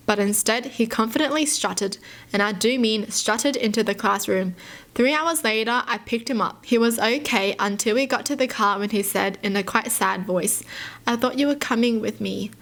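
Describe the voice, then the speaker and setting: Female YouTuber, slightly high voice, story reading plus emotional chatty reactions. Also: a bit bright. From Australia. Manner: emotive, sympathetic, gasps and sighs, chatty fillers. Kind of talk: reading stories aloud and reacting.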